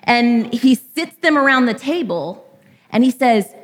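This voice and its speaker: A woman's voice: a little high, animated, measured pace. A woman pastor giving a sermon in a candid, conversational way, with light irreverence, ending in prayer.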